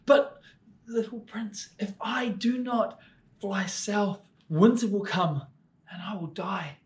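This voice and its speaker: A man voicing a small, eager male swallow in a children's story, talking high and fretful. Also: takes it slowly. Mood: pleading.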